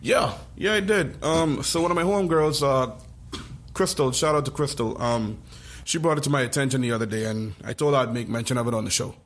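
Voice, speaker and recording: A man co-hosting a podcast, telling a story in casual chat with lively slang. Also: mid-range voice, a little fast. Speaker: podcast co-host.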